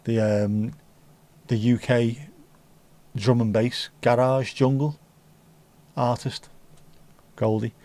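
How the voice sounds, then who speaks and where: A man's voice: medium pitch, little pitch movement, slow pace, long pauses, warm tone. A man hosting a casual livestream chat, bantering crudely and swearing often. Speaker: livestream host.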